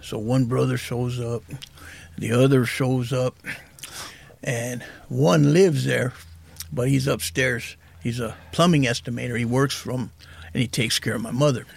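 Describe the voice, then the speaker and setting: Gravelly, husky-voiced man in his 50s, soft-spoken guest sharing a raw personal story. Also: mid-range voice, fairly even intonation, a little slow. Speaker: podcast guest in recovery.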